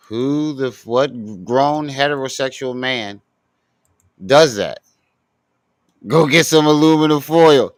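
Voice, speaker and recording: A man's voice: mid-range voice, takes it slowly, long pauses, no room sound. A man doing crude, mocking reaction commentary on clips, laughing as he talks.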